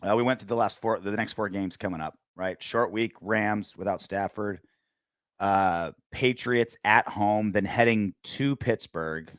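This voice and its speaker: A man's voice: lowish voice, measured pace, a bit bright, no echo, studio quality. A man co-hosting a post-game football podcast, bantering crudely and joking. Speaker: podcast co-host.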